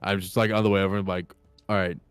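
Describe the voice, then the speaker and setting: A man's voice: deep voice, little pitch movement, fast talker, clear, resonant tone. A man playing a tabletop role-playing game, joking, swearing often and laughing between lines. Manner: swears often, laughs a lot, talks in and out of character. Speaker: player. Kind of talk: tabletop role-play banter.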